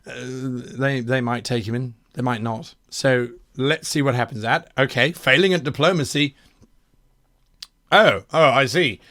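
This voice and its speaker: A man running a workshop as a game master, critiquing adventure submissions in a quick, wry, self-mocking way. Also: mid-range voice, fairly bright tone.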